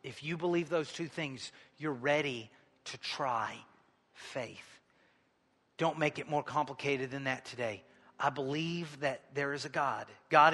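Male pastor, sermon delivery, hushed then forceful, long reverb. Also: medium pitch. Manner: swings from hushed appeals to loud exhortation. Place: large church sanctuary.

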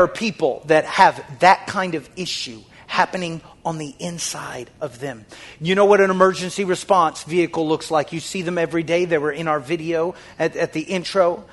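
High-voiced fervent preacher man. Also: steady tone, a little fast. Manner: swings from hushed, near-whispered lines to loud shouted exhortation; fervent, repetitive, call-and-response preaching. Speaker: pastor. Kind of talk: sermon.

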